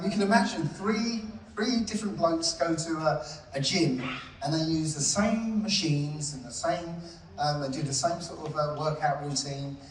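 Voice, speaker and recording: A man's voice: on the high side, slight background noise. A man giving a live conference talk, chatty and often checking in with the audience with "yeah?" and "right?". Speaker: conference presenter. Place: conference hall. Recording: echoey hall from far off.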